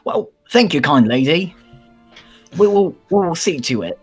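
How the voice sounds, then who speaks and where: A man's voice: fairly high pitch, big pitch swings, measured pace, slightly rough, soft background music, pitched above the performer's own voice, full character voice. Man playing a pompous deluded adventurer. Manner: grandiose, lordly.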